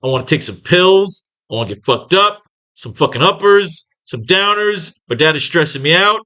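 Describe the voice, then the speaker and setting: A man's voice: a little high, lively intonation, normal speed, pushed and bright, voice pushed up. A man putting on a strung-out young guy begging for pills. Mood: agitated. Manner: whiny, agitated, crude.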